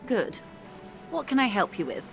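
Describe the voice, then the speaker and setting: A poised, formal negotiator. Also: female voice, a little high, sing-song, creaky, faint music behind. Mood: composed. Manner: measured, polite and formal. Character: composed, formal woman negotiator. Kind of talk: video game voice acting.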